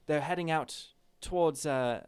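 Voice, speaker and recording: A man's voice: smooth, lightly acted. A man voicing a fierce, loyal young half-elf alchemist woman, trying a Cockney accent that keeps slipping toward Welsh and stumbling over his words. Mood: urgent. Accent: wavering put-on Cockney drifting toward Welsh. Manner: halting, falsetto-ish, stumbling over words.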